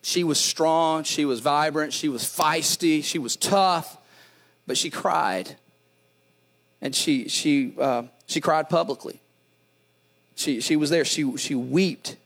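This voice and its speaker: A middle-aged man pastor preaching a sermon, animated, often repeating and restarting words, with dad jokes. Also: fairly high pitch, slow pace.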